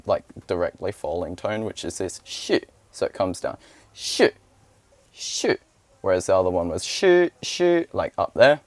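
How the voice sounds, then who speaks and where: A man's voice: sits low, no echo. A young man casually explaining language learning in a rambling, hesitant way, full of filler words.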